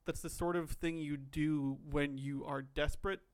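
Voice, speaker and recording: Podcast co-host, male, slightly high voice, thoughtful and rambling. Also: fairly even intonation, moderate pace, clean tone. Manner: thoughtful, musing, many "like" fillers. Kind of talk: casual chat.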